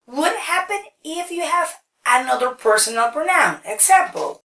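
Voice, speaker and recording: A high, expressive voice with a bright, forceful tone belongs to a woman teaching English grammar. She takes it slowly, step by step, checking in often with "okay." Echo fills the room, and she's distant from the microphone.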